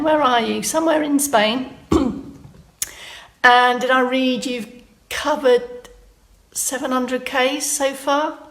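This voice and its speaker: Woman instructor, slightly high voice, chatty live-class host reading out comments. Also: a bit bright. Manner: chatty, reads out viewer comments. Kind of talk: live-stream fitness class chat. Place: indoor room at home.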